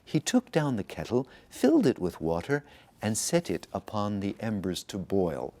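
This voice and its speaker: Man reading a fairy tale out loud, low voice, super animated, storybook style. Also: moderate pace. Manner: expressive, lively narration. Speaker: institute director reading aloud. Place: institute in Tokyo.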